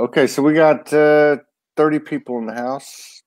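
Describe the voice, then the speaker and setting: A man hosting a live online show, loose and a bit halting, greeting viewers by name before bringing on his guest. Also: fairly high pitch, fairly even intonation, darkish tone, no echo. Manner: loose, stumbling, reads out names. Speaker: host.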